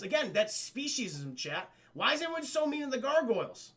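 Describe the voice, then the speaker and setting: A man casually recapping a cartoon episode for a live chat, animated and full of swearing. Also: sits high, fairly quick, hardly any pauses. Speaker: cartoon reviewer streaming to chat.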